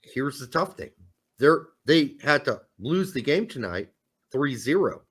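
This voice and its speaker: A man co-hosting a casual sports talk show, joking and animated as he talks. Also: mid-range voice, measured pace, breathy edge. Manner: lively, joking, animated delivery. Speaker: podcast co-host.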